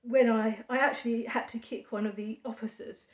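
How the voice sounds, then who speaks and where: Woman vlogging, kinda high voice, deadpan sarcastic, lots of ums, roomy echo. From United Kingdom. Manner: dry sarcasm, halting with many fillers. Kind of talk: ironic monologue to camera. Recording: echoey room.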